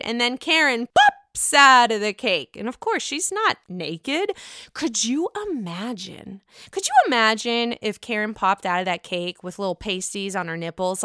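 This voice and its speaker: Woman host, sassy and profane recap chat, crisp dry voice. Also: fairly high pitch, sing-song, a little slow, sharp tone, no room sound. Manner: sassy, profane, dramatic quoting of cast members. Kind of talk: casual chat, recapping episodes.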